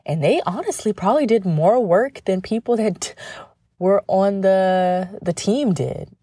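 A woman's voice: medium pitch, lively intonation, unhurried, mellow, slightly rough, dry recording, clean studio sound. A woman hosting a podcast, a former professional cheerleader talking casually and chattily, speaking right to the listener. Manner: chatty, addressing the listener directly.

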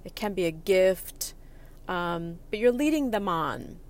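A middle-aged woman telling a personal anecdote in an animated, chatty way, with fillers and restarts. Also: fairly low pitch, measured pace.

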